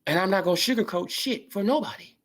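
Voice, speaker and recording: A fast-talking woman with a mid-range voice goes on an angry, profanity-laced tirade in her sports commentary vlog. She's animated and heated, cursing openly and calling people out.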